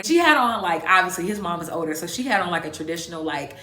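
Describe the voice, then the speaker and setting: A woman's voice: fairly low pitch, animated, fast talker, hardly any pauses, sharp tone. A woman in her twenties telling a dramatic, slang-filled story straight to her viewers in a casual vlog. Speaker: vlogger. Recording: echoey room.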